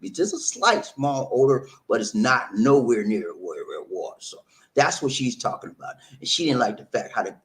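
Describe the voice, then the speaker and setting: A man hosts a live stream and tells his viewers a story in a relaxed, chatty way. His pitch swings widely as he gets into it. He stumbles over and repeats words, then acts out what each person said. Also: normal speed. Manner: animated, repeats words, acts out quoted dialogue. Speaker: live-stream host reading viewer comments.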